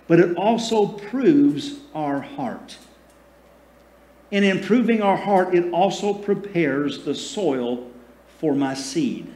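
Pastor guy preaching, kinda high voice, bounces from loud to soft, asks the crowd to answer back, echoey church room. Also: lively intonation. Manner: preaching with calls for audience response; swings between loud emphasis and soft, slow passages. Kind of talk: sermon. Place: church sanctuary.

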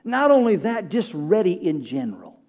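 A pastor preaching a sermon to his congregation. He swings between loud, raised bursts and hushed, low phrases, and calls out to the listeners. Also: huge pitch swings, moderate pace, dull audio.

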